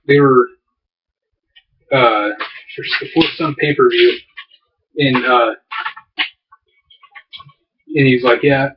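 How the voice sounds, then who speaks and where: A man chatting on a podcast, winding through a story with plenty of "uh"s and false starts. His voice sits at an ordinary pitch and sounds set back from the microphone. The recording is muffled and lo-fi. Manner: rambling storyteller, many fillers and restarts. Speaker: podcast co-host. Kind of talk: casual chat. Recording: distant, dull lo-fi mic.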